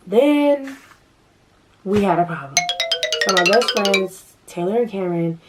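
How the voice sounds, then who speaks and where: A young adult woman vlogger telling a casual storytime, animated and acting out the dialogue. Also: medium pitch, normal speed, distant mic, loud music behind the voice.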